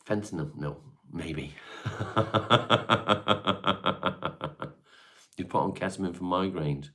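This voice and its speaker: Easygoing male stream host, deep low voice, loose chat answering viewers. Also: drawn-out words, sharp tone. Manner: laid-back, swears casually, reads and answers viewer comments. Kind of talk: casual live-stream chat.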